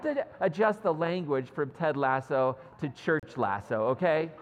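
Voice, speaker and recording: A male pastor delivering a sermon in animated storytelling mode, with self-deprecating asides. His pitch moves widely and expressively. The voice carries a long reverb from a church sanctuary. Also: measured pace, muffled recording, a little hiss or hum.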